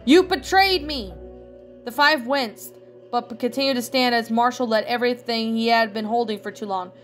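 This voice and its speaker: High-voiced woman reading fan fiction. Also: fairly even intonation, brisk, faint music behind. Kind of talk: storybook narration.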